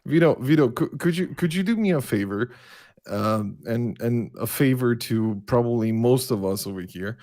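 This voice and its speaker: A man calling into a show, speaking as an in a halting way with many restarts. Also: mid-range voice, darkish tone. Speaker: caller.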